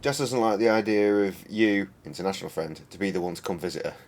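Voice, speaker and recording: Fast-talking with a lowish voice, this thirtysomething man offers casual commentary on his game stream, joking around, rambling and swearing plenty.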